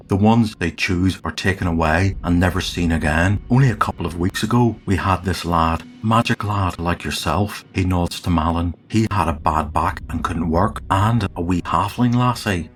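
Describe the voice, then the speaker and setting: A man with a slight cold in his throat, narrating a solo tabletop campaign as game master and reading every character's lines in one steady storytelling voice. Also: deep voice.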